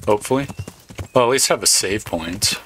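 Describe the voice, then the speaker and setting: A man giving relaxed let's play commentary, swearing casually as he plays. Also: on the low side, moderate pace, a little hiss or hum. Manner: laid-back, swears casually. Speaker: gamer.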